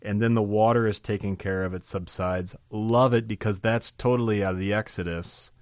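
A man with a somewhat low voice leads a relaxed podcast Bible lesson. He teaches with animated energy, posing rhetorical questions and then answering them, and he repeats words to stress them. The sound is dry and close, with little room echo. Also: moderate pace. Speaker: podcast host and theology professor.

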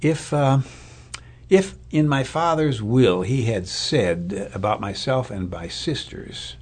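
Husky-voiced man giving a sermon. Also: mid-range voice, expressive, takes it slowly. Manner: conversational, thoughtful with fillers and restarts. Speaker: Lutheran pastor or Bible teacher.

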